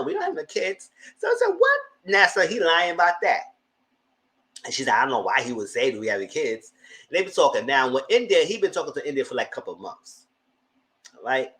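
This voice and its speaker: A man casually retelling a reality show episode, animated and incredulous, jumping to high exclamations. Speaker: TV recap vlogger. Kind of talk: casual recap commentary.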